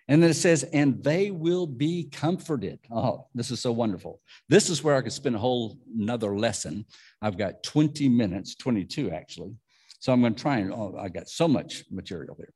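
Husky man preaching a sermon. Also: mid-range voice, lively intonation, moderate pace, a little mellow. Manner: conversational, with restarts and asides. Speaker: pastor.

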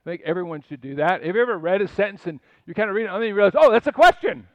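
Older male pastor, high voice, chatty sermon with asides; dry, slightly dull recording. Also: racing, dry recording. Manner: conversational storytelling with asides and rhetorical questions.

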